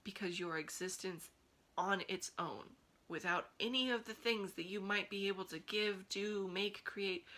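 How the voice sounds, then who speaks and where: A woman's voice: mid-range voice, unhurried, sharp tone, low-quality recording. A woman vlogger giving a heartfelt, earnest talk to camera, pleading and encouraging.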